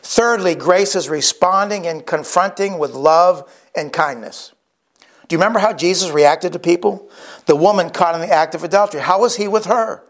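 Male pastor, slightly high voice, earnest sermon storyteller. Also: moderate pace. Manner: earnest storytelling with repeated restarts.

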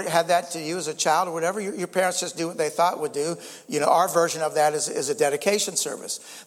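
Older preacher man, earnest, fairly high. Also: in a large hall. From United States. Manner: earnest, repeats words, rises in emphasis. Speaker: pastor. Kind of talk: sermon.

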